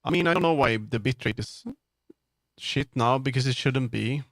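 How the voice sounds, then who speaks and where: A man's voice: medium pitch, moderate pace, fairly bright tone, dry recording, clean studio sound. A man streaming live, chatting casually and muttering to himself as he troubleshoots. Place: home streaming setup.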